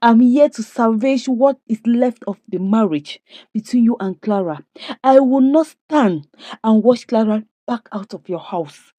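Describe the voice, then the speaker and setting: A woman's voice: on the high side, a little slow, dark tone, dry recording. A woman voicing a confident elder sister who firmly promises to fix a broken marriage, read in a lightly acted storytelling way. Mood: reassuring. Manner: reassuring, firm.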